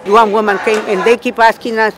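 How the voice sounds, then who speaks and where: A man's voice: high-pitched, flat delivery, fairly quick, background noise. A man, a union member protester, telling an angry story outdoors in a street interview, repeating himself and quoting his own retorts. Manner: indignant, repeats himself, quotes himself loudly.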